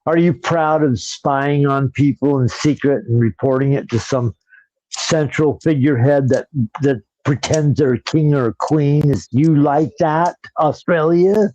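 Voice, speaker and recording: A man's voice: a little high, unhurried, mellow, a little hiss or hum. A man hosting a casual chat, breaking into conspiratorial rants. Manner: ranting, conspiratorial asides. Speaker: host. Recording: dull dry lo-fi mic.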